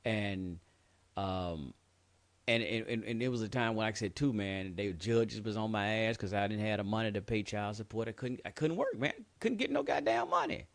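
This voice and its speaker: A man's voice: fairly low pitch, animated, normal speed. A man hosting a show, talking candidly and bluntly in a heartfelt personal monologue, swearing often and saying "man" a lot. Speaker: show host.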